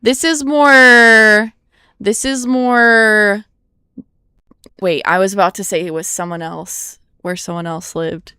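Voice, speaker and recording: A woman's voice: medium pitch, fairly even intonation, takes it slowly, bright, forceful tone, smooth, no room sound, clean studio sound. A young American woman livestreaming in casual chat, rambling and easily surprised, now and then swearing when startled. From United States. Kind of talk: casual live-stream chat.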